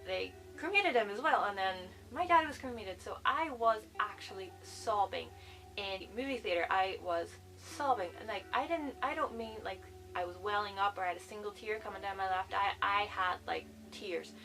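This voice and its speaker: A woman's voice: medium pitch, normal speed, a bit bright, recorded from a distance, faint music behind, rough recording. A woman chatting enthusiastically in a casual movie review vlog, full of fillers like "like.". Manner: gushing, chatty, lots of "like".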